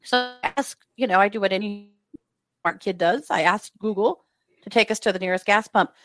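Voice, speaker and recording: A woman's voice: mid-range voice, fairly quick, dry recording. Woman, podcast co-host, chatty storyteller who acts out the quotes, mid-range voice, dry close sound. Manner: lively retelling with acted-out quotes. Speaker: true crime podcast co-host. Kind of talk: casual storytelling chat.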